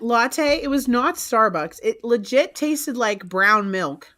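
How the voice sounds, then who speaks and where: A woman with a somewhat high voice co-hosts a relaxed livestream. She chats casually and drags out words as she reads items aloud one by one. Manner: chatty, reads menu items aloud slowly. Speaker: co-host of a reseller livestream. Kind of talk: casual chat.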